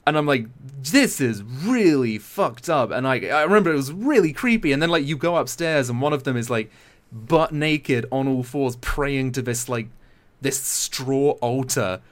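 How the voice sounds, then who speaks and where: A young man from Britain chatting casually, retelling a film scene with lively impressions. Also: mid-range voice, moderate pace. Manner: animated storytelling with impressions. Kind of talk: casual chat.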